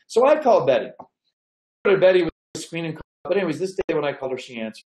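A man's voice: on the high side, big pitch swings, fast talker, darkish tone. Emphatic folksy man in an echoey room. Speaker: chiropractic coach. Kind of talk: storytelling talk to chiropractors.

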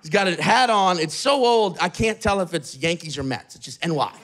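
A man doing stand-up, telling a story in a casual, animated way at a live show. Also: sits high, brisk. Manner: animated, conversational, swearing. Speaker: stand-up comedian. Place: live show before an audience. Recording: live mic with crowd laughter.

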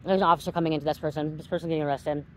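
Speaking rapid-fire in a low, fairly even voice over background noise, a woman does a psychic card reading straight to her viewers. She's emphatic and repetitive, uses plenty of profanity, and works herself up as it goes on.

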